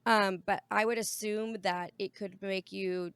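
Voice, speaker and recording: Young woman, casual podcast chat, bright tone, frank, swears, dry sound. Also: mid-range voice, fairly even intonation, a little slow, creaky, clean tone, dry recording. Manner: candid, frank, swears freely. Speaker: podcast co-host.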